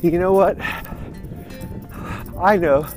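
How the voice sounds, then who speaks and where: A man's voice: sits high, slow, a little mellow, faint music behind. A man hosting his own vlog, chatting outdoors while he walks, slightly out of breath, rambling and upbeat. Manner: rambling, upbeat, repeats "you know what". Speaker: vlog host. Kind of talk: casual motivational talk. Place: outdoors, walking or running.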